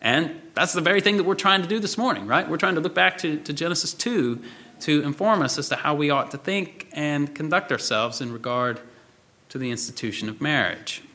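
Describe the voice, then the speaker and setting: A man preaching a measured sermon, pausing often with fillers. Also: fairly high pitch, bright, forceful tone. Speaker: pastor. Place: church.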